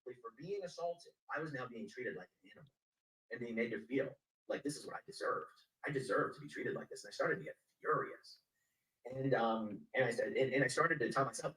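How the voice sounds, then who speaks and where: A man's voice: mid-range voice, a little fast, roomy sound, recorded from a distance, rough recording. A man telling of his arrest in a played-in clip, acting out his exchanges with officers. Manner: animated retelling that acts out his exchanges with officers.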